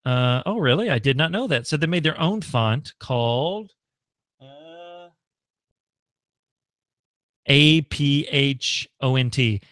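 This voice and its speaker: Bright, chatty American man live-streaming. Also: a little high, lively intonation, slow pace, long pauses, no room sound, clean studio sound. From United States. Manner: chatty, thinks aloud, frequent ums and laughs. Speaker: livestream host. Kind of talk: casual live Q&A. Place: home.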